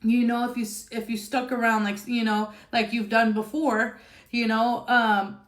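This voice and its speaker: A woman doing a casual tarot reading, her voice sitting a little high. She talks bluntly and chattily, swearing freely and checking in with the listener as she goes. The sound is echoey, as if recorded in a bare room. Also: level tone, moderate pace. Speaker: tarot reader.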